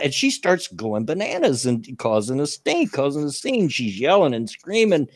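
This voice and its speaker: A man's voice: on the high side, huge pitch swings, moderate pace, no echo. A man hosting a casual talk show, telling a story with frequent chuckles and restarts. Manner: chatty, laughs through his own story, frequent restarts.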